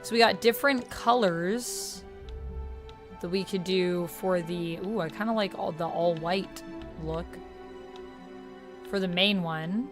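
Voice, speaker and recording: A woman's voice: fairly low pitch, takes it slowly, long pauses, music in the background. A woman live-streaming a video game, casually reading out menu options and chatting with her viewers. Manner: reads menu options aloud, chats with viewers.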